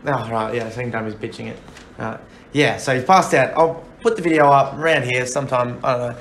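A man's voice: mid-range voice, steady tone, fairly quick, fairly bright tone. A young man co-hosting a podcast, chatting loosely and swearing between laughs. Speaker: podcast co-host. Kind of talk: casual banter. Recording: echoey room with faint noise.

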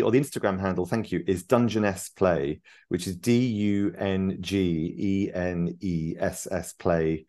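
A man's voice: low-pitched, darkish tone. A man, a playwright guest on a podcast, chatting in a friendly way and spelling things out carefully. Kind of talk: casual interview chat.

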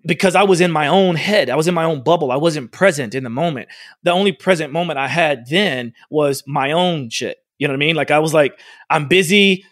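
This fitness studio owner and trainer tells a personal story casually, saying "like" a lot and acting out dialogue with animated energy. His voice is a little high and his pace brisk, with no room sound.

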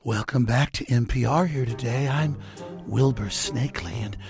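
A man doing a parody radio host, gravelly, affected, music under it. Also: mid-range voice, normal speed, pitched below the performer's own voice, close to an everyday voice. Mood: mocking. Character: prissy male public-radio host, mocking parody.

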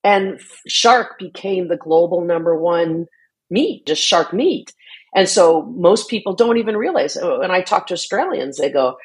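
Woman guest on an interview, lowish voice, earnest and explanatory, stumbles and restarts often. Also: expressive, moderate pace, breathy edge. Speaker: interview guest, shark conservation advocate. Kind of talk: conversational interview answer.

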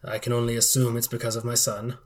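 A man voicing a formal old nobleman in his seventies, subdued and measured. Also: medium pitch, monotone, natural voice. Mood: grieving.

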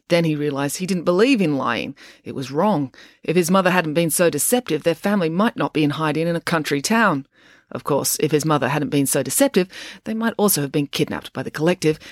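Low-voiced woman reading a story aloud. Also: dry recording, clean studio sound. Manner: expressive, animated storytelling. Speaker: narrator. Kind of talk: audiobook narration.

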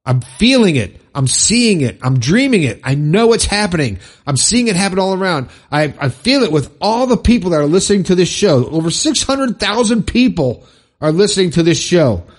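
A man hosting a podcast, fired up and preachy, repeating phrases for emphasis in a husky voice. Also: high voice, big pitch swings, normal speed. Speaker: podcast host. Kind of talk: impassioned motivational monologue.

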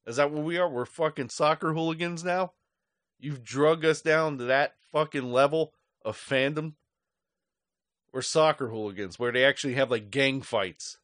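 A man's voice: fairly high pitch, moderate pace, a bit bright, no room sound, studio quality. A man hosting a sports fan show, ranting angrily with heavy swearing in a rambling, off-the-cuff way. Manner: angry, profane, rambling. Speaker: sports podcast host.

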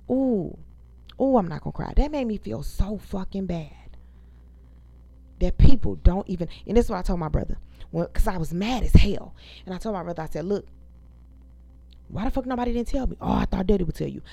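A woman in her 30s, with a highish, creaky, slightly mellow voice, hosts her own casual talk show as a podcast host. She vents to viewers in an emphatic, profane storytelling rant.

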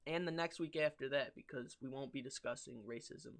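Bright-voiced young American man joking. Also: mid-range voice, a little fast. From United States. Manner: loud joking banter, mock British voices. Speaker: podcast co-host. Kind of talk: casual podcast chat.

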